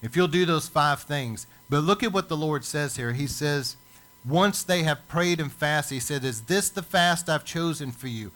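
A male pastor preaching a sermon, building emphasis with dramatic pauses. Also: a little high, fairly bright tone. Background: church service.

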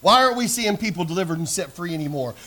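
A male pastor telling a story in a sermon, moving from quiet narration to shouted preaching and calling out to the congregation. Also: sits high, animated, fast talker. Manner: calls out to the congregation. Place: church sanctuary.

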